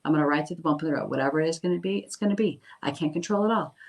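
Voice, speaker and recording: A woman's voice: deep voice, rapid-fire, vocal fry, darkish tone, low-quality recording. A middle-aged woman, a medium, chatting casually on a phone livestream, reading viewer comments aloud and reassuring them. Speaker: medium doing live readings.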